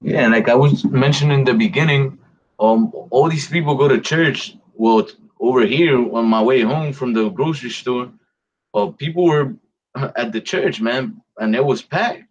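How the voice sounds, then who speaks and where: Man, casual hesitant religious chat, mid pitch, dull lo-fi sound. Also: normal speed. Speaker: co-host. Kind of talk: religious discussion.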